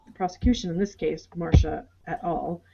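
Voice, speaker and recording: A woman co-hosting a casual show recap over a video call, animated and quick to act out people's lines. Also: fairly low pitch, gravelly, husky, muffled recording. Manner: animated, acts out characters' lines in quick asides. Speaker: podcast co-host.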